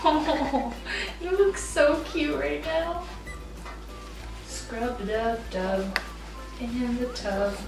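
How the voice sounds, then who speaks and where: Teen girl vlogger, high voice, slow unhurried delivery, gushy baby talk; echoey room, mic a little far off. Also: steady tone, creaky. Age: late teens. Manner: gushing, coos in baby talk. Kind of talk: casual vlog chat. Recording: echoey room, mic at a distance, music behind.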